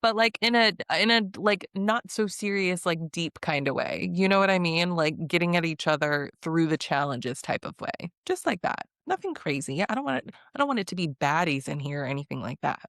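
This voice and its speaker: Young woman, chatty recap vlog, laughs a lot, lowish voice, dry close sound. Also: lively intonation, a little fast, hardly any pauses, fairly bright tone, dry recording. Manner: chatty, laughs often, acts out quotes. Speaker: reality TV recapper.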